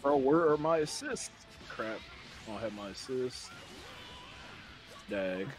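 A man playing a fighting game live, excitable and laughing, with yelps as he plays. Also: medium pitch, slow, soft background music. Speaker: player. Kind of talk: live gameplay banter.

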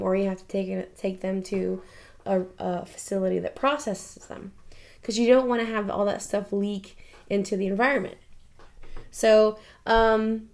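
A woman painter speaking candidly in a documentary interview, emotional and quick to laugh, swearing casually. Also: medium pitch, darkish tone. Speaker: painter interviewed about her life.

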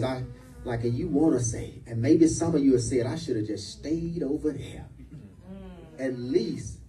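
A man, a senior pastor, preaching a sermon in a church, repeating phrases and building up to shouts. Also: fairly high pitch, far from the mic, low-quality recording.

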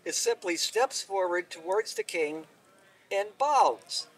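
A man telling a folk tale aloud at an outdoor event, unhurried and expressive, recorded from a distance. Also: sits high, gravelly. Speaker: storyteller. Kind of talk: oral storytelling.

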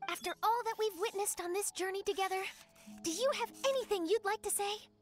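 A woman voicing a brisk, friendly young female news reporter in a game. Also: extremely high pitch. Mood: upbeat. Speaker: journalist. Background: game music.

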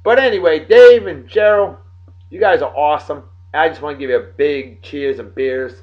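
A man hosting a daily beer and song show from home, rambling and joking as he gives birthday shout-outs to friends. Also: on the high side, moderate pace, muffled recording. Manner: rambling, jokey, talks straight to friends. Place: home in Texas.

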